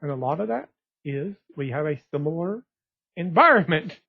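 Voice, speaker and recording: A man's voice: on the high side, lively intonation, normal speed, creaky, slightly rough. A man from West Texas, talking in a rambling, digressive monologue full of restarts. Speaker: blogger. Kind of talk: casual monologue. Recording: tinny phone-like dry sound.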